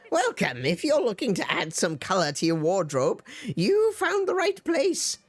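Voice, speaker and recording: A man doing a chirpy, high dye shop keeper. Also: wildly swooping pitch, measured pace, soft background music, heavily acted. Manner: chirpy shop-greeting patter. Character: cheerful male dye shop keeper, salesy.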